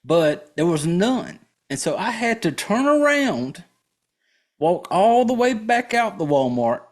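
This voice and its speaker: A man hosting a podcast, telling a profane, exasperated story in a casual ranting monologue. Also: a little high. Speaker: podcast host.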